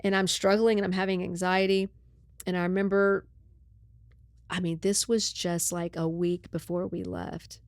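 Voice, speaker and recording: With clean studio sound and no room sound, a woman podcast host chats casually while telling a story, animated and full of "right?" and "like". Her voice is fairly low, and her pace is moderate.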